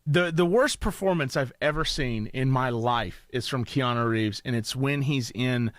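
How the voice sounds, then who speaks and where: A young man co-hosting a casual show, joking and telling animated stories. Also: medium pitch, moderate pace, dry recording, studio quality. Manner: jokey, animated storyteller, breaks into impressions. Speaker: co-host. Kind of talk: casual banter.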